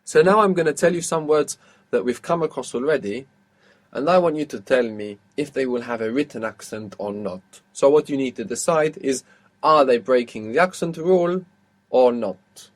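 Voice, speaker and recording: A man teaching an audio language lesson, patiently asking questions and repeating words slowly. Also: mid-range voice.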